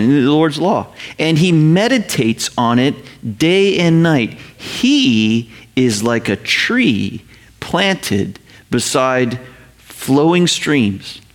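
North american guy preaching, kinda high voice, swings all over, reads verses slow then rushes the explaining. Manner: animated, quotes scripture slowly, paraphrases in quick asides. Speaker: pastor. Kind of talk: sermon.

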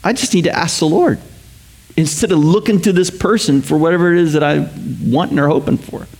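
A male pastor giving a relaxed, conversational sermon. His voice sits high for a man. He jokes and chuckles as he makes his points. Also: fairly quick. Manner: joking, animated, chuckles between points.

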